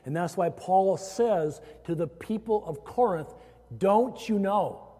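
A man's voice: high voice, takes it slowly, dark tone. Male pastor, sermon, emphatic rising delivery, church hall reverb, long echo. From Iowa. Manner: emphatic preaching with rising stressed phrases. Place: church sanctuary.

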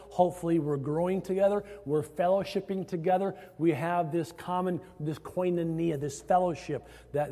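In a reverberant church sanctuary, a man from Iowa preaches to his congregation with a fairly high, mellow voice. As his voice rises, he puts stress on certain phrases.

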